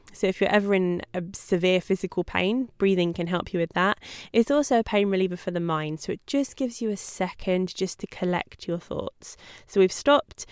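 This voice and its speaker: A woman dog trainer teaching a simple calming method in a chatty, friendly way, often laughing between points. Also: mid-range voice, clean tone, no room sound, studio quality. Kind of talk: talking-head lesson.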